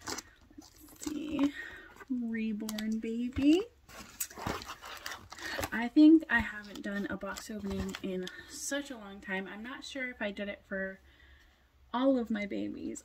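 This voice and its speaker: A young adult woman chatting casually as she unboxes a doll, gushing with excitement, now and then dropping to a whisper and a little out of breath. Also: medium pitch, unhurried, pauses often, noisy background. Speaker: doll collector vlogger.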